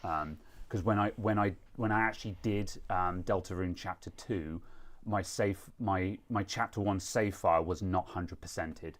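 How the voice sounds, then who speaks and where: A man's voice: sits low, fairly even intonation, moderate pace. A British man hosting a live stream, chatting casually in a rambling, self-mocking way. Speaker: streamer host.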